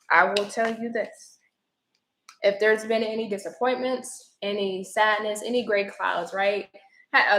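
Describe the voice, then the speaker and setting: A woman doing a live-stream tarot reading, chatty and expressive, greeting viewers by name. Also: medium pitch, reverberant, rough recording. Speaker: tarot reader.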